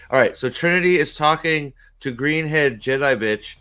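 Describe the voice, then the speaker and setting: A man's voice: medium pitch, moderate pace, hardly any pauses, fairly bright tone. A man hosting his stream, ranting casually with lots of swearing, restarts and repeated words. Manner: profane, rambling, repeats himself. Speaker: streamer host. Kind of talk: casual rant.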